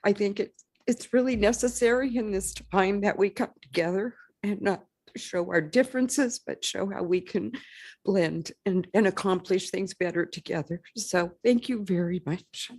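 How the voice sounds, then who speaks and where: A woman's voice: mid-range voice, normal speed, darkish tone. Emotional woman giving heartfelt thanks. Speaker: widow of honoree. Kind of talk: brief thank-you remarks.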